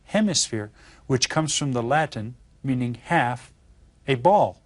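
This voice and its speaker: A man teaching an elementary lesson, patient and slow, repeating words and checking in with his students. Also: medium pitch, no echo. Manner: patient, explains slowly with repeats and check-ins. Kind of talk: classroom lesson.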